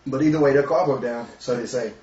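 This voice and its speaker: A man's voice: mid-range voice, fast, darkish tone. Man telling stories, distant and roomy. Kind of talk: casual storytelling chat. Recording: roomy, distant, muffled live-stream audio with faint noise.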